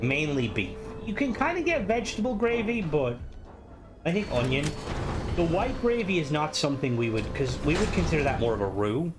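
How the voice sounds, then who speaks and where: A man's voice: a little high, sing-song, moderate pace, noisy background. An Irish man streaming a game, chatting casually and rambling with many fillers. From Ireland. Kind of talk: casual gaming stream chat.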